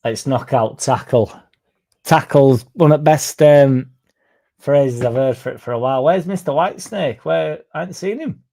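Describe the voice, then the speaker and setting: Mellow-voiced man bantering on stream. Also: medium pitch, moderate pace, gravelly. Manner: chatty, sarcastic, banter with viewers. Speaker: fan channel host. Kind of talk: casual livestream chat reading comments.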